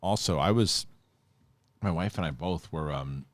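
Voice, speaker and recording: A middle-aged man co-hosting a podcast, telling rambling, animated stories with restarts and casual swearing. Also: sits low, unhurried, dry recording. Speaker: podcast co-host. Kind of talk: casual chat.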